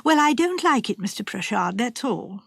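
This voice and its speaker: A woman reader voicing a shrewd, practical nurse in a storybook reading, brisk and matter-of-fact. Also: a little high, very animated, gravelly, slightly rough, no echo, full character voice.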